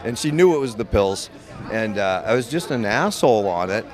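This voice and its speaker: A man's voice: fairly low pitch, animated, moderate pace, a faint crowd. Blunt, profane middle-aged man telling his story. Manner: blunt, profane, rambling with restarts. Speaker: medical cannabis patient and grower. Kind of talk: candid interview storytelling.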